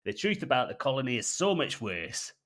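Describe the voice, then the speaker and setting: A man voicing a gruff male space janitor in an attempted North Yorkshire accent, blustering and conspiratorial. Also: mid-range voice, very animated, a little fast, a bit bright, voice pushed up. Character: gruff surly male jizz mopper in space.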